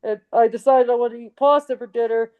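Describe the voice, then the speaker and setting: A young woman co-hosting a casual podcast chat, talking in quick fragments with frequent giggles. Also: on the high side, fairly even intonation, clean tone, narrow, tinny audio. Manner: chatty and giggly, tells things in quick fragments. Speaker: podcast co-host living with seizures.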